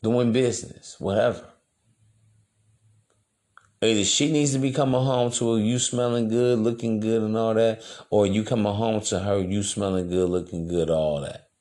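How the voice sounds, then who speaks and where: A man's voice: lowish voice, steady tone, normal speed, darkish tone. A man hosting a podcast, talking in a loose, slangy, preachy monologue. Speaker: podcast host. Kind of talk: casual monologue.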